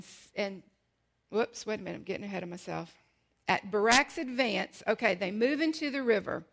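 A woman with a voice on the high side and some vocal fry teaches a Bible lesson as animated storytelling. She slows down for emphasis and poses rhetorical questions.

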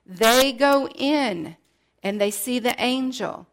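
Higher-voiced woman preaching a sermon. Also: slow. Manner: storytelling, acts out the scenes.

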